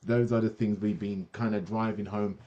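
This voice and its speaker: A man's voice: lowish voice, level tone, moderate pace, warm tone, dull audio. A man hosting an online product presentation, talking enthusiastically with many fillers and restarts.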